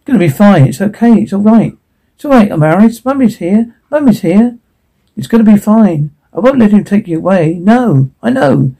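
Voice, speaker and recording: A man voicing a tender, frightened young mother who hushes her crying baby in a soft voice. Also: fairly high pitch, lively intonation, moderate pace, vocal fry, breathy edge, exaggerated voice. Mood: soothing. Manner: soft, hushing.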